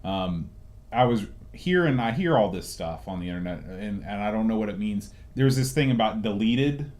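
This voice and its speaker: A man with a fairly low voice, chatting casually on a podcast. He talks in a relaxed, easy way. He asks questions and agrees readily. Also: moderate pace. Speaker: podcast co-host. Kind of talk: casual chat.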